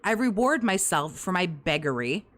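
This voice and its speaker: A woman's voice: lowish voice, big pitch swings, moderate pace, fairly bright tone. A woman hosting a commentary show, reacting to clips in a sarcastic, scornful way and swearing freely. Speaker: commentary podcast host.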